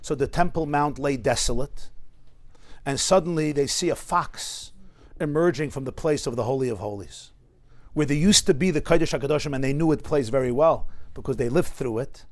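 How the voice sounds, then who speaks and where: A rabbi teaching a lecture-style class in a study hall, telling stories with asides and building to emphatic, impassioned peaks. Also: male voice, medium pitch, moderate pace. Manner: storytelling with asides to listeners.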